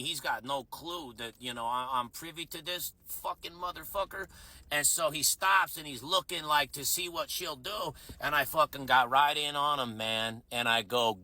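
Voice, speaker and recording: A man's voice: fairly high pitch, sharp tone, no echo. A man who works as a bartender, telling a rambling, profane, self-mocking story in a casual way.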